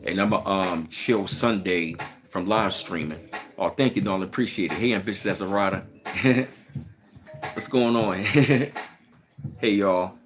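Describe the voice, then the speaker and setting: A relaxed man with a Baltimore accent and a fairly low voice, talking loosely on a live stream. He greets his chat one by one in an easy, unhurried way. Music plays clearly behind him. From Baltimore, Maryland.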